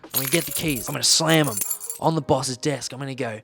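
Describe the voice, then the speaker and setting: A man voicing an oversharing male coworker who complains in a flat, matter-of-fact way. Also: medium pitch, quick pace, creaky, pitched above the performer's own voice. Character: oversharing adult male coworker, blunt, aggrieved.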